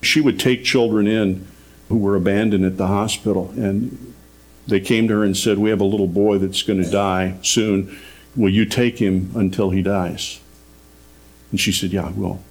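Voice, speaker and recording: A man's voice: lowish voice, fairly even intonation, normal speed, a little mellow. A man preaching a radio sermon, telling a story earnestly and rising in emphasis on his key points.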